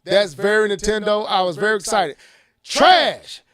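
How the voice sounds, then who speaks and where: A high-pitched man hosts a casual gaming podcast. He reads news aloud, then bursts into excited, shouting reactions. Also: moderate pace, a crowd in the background. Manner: animated, rises to shouting when worked up. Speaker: podcast host.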